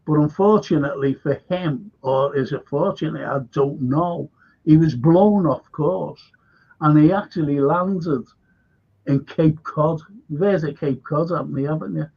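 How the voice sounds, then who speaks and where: A man's voice: on the high side, unhurried, gravelly, slightly rough, dull audio. A man with a Liverpool accent, a local historian telling rambling history anecdotes in a livestream chat and acting out the people in his stories. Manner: rambling anecdotes, acts out quoted voices.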